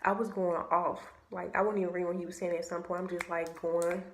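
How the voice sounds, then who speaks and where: Animated young woman in an echoey room. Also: lowish voice, fairly quick, a little hiss or hum. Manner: animated, slangy, swears freely. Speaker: vlogger. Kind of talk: casual storytime.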